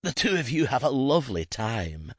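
A man's voice: mid-range voice, very animated, normal speed, dry recording, clean studio sound, voice pushed up. A man voicing a sly, theatrical woman who fakes a wheezy, coughing illness.

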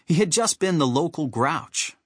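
Animated, husky male audiobook narrator. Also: fairly high pitch, normal speed, no echo, clean studio sound. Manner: animated, storytelling. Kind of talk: scripted narration.

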